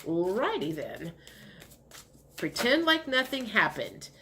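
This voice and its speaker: Woman, tarot reader, casual chatty reading, rambling with fillers, mid-pitched voice. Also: wildly swooping pitch, takes it slowly, bright, forceful tone, a little hiss or hum.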